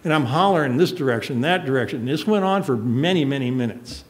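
A man's voice: medium pitch, expressive, fast. An older man preaching a sermon, telling a personal story in an earnest, emotional way. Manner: emotional, earnest, choked up at moments.

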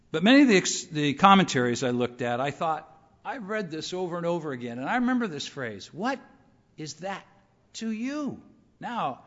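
A middle-aged man delivers a sermon in a measured, conversational tone, often posing rhetorical questions. His voice sits a little high. The sound is muffled and rings with the long reverb of a large hall. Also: fairly bright tone. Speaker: preacher.

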